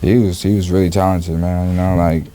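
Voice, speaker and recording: A man reflecting in an interview, with a soft-spoken manner and many fillers. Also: deep voice, level tone, fairly quick. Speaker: interview guest.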